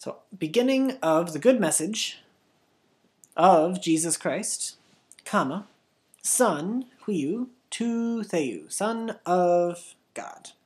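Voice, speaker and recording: Slow, lively-voiced woman teaching. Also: fairly low pitch. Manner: patient, slows words down for pupils to repeat. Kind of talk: children's language lesson.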